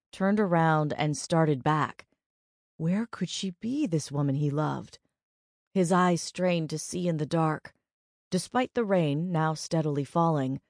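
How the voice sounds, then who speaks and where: In this scripted audiobook narration, a low-voiced woman keeps an even, deliberate storytelling pace. The sound is dry and studio-clean.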